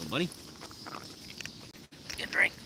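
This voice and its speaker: A man's voice: takes it slowly, heavy background noise. A man hosting a casual livestream outdoors, chatting to viewers and cooing at his dog in a lighter sing-song voice. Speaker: livestream host. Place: outdoors in the shade by a pool. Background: faint outdoor sounds and geese.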